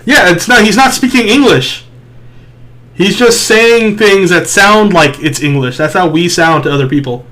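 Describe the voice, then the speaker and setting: Young guy on a podcast, kinda high voice, laughs a ton telling stories. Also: moderate pace, fairly bright tone, low-quality recording. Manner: laughs often, retells stories with put-on voices. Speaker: podcast co-host. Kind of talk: casual podcast chat.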